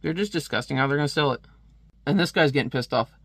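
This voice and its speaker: A man giving a casual, animated comic book review, ranting and laughing as he goes. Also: on the high side, fast, no room sound, studio quality.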